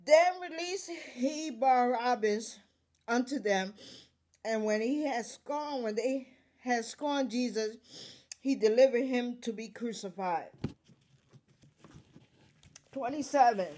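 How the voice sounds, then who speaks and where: Woman, higher voice, unhurried, bible reading, verse numbers, plain-words retelling. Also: a little mellow. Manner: reads verse numbers aloud, then restates in plain words. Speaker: host reading scripture.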